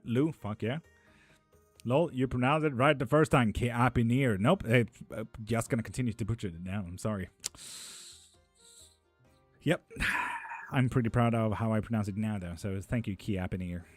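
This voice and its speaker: A man's voice: fairly low pitch, breathy edge. Loose, swearing young man on stream. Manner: banters loosely, swears freely, reads chat aloud. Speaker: streamer giving tarot readings. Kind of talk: casual live-stream chat. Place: home.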